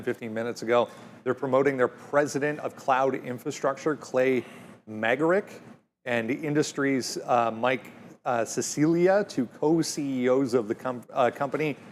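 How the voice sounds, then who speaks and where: A man's voice: medium pitch, moderate pace. A man with a mid-range voice hosting a live stock show. He walks through the morning's corporate and economic news steadily, with plenty of "uh" fillers, over a faint background hiss. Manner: steady, informative, many fillers. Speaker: stock market show host. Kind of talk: live market news rundown.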